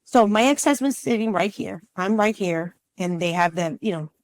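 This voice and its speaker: A woman in her fifties, a relationship coach talking as a podcast guest, telling a personal story in a lively, chatty way and calling the listener "girlfriend". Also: medium pitch, normal speed, no room sound. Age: 50s. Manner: lively storyteller who acts out scenes and calls the listener "girlfriend". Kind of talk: casual interview storytelling.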